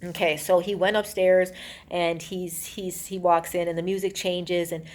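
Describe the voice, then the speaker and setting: A woman with a slightly low voice walks through a movie's plot in a loose, rambling way. She leans on fillers like "you know" and "um". When she voices the characters, her pitch jumps up for a moment. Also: little pitch movement, measured pace. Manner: acts out characters' lines in a raised voice. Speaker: movie reviewer. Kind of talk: casual plot retelling.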